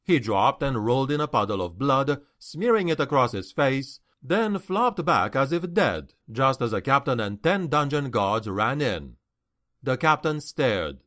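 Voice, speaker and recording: With a medium-pitched voice and a slightly slow delivery, a man performs a fantasy novel as an audiobook, bringing expression to the tale.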